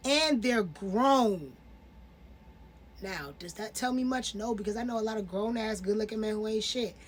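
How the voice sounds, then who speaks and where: A young woman in her twenties talks through a reality show in loose, casual commentary. Her voice sits high and bright in pitch. She leans hard into emphasis and slang, never sounding scripted. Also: lively intonation, unhurried, breathy edge. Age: 20s. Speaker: reality TV reviewer.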